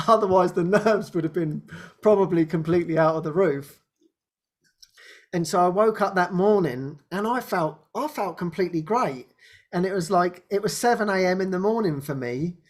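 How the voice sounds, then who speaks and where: A man with a somewhat high voice hosts an online spiritual talk show. He tells his story casually over a video call, rambling, laughing often, and sinking to a soft hush when he reaches the tender parts. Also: normal speed. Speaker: host. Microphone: video call microphone.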